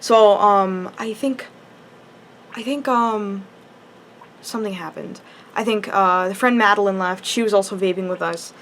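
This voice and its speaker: A woman's voice: mid-range voice, a little slow, long pauses, fairly bright tone, slight background noise. A teenage girl chats through a personal story for her vlog. She rambles, restarts her sentences and fills them with "like" in a loose, casual way. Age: teens. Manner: rambling, chatty, full of "like" and restarts. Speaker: high school student.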